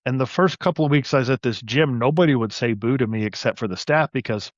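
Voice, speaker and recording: Male interview guest, storyteller, mid pitch, dry muffled mic. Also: fast talker, no room sound. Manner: storytelling, animated anecdotes. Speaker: podcast guest, side hustle coach. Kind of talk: casual interview talk.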